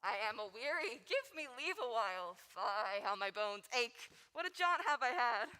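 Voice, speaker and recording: A woman's voice: high voice, expressive, moderate pace, bright, forceful tone. A young woman acting a rambling, teasing old nurse in a school stage play. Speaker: high school stage actor. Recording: school hall reverb.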